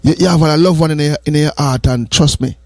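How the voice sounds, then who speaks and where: The speaker is a male Jamaican radio host preaching advice on a morning program, earnest and repetitive, his speech wandering between English and patois. His voice sits on the high side, a little mellow, and he talks briskly. The sound is dry and close, without echo.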